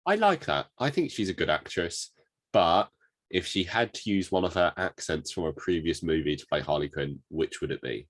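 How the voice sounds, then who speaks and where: A man co-hosting a podcast tosses out playful questions in casual movie chat. His voice is very deep, and its pitch swings lively and wide. He talks from a home microphone. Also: normal speed. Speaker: podcast co-host. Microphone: home microphone, remote call.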